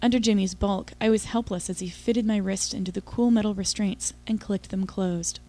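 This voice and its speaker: A woman's voice: mid-range voice, fairly even intonation, moderate pace, dark tone. A woman giving an intimate, confiding first-person audiobook narration.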